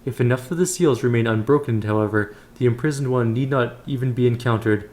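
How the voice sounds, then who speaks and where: A man's voice: medium pitch, brisk, a little mellow, close to an everyday voice. A man voicing a solemn middle-aged holy knight, reading formal, old-fashioned lines aloud in his everyday voice. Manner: formal, archaic phrasing read aloud.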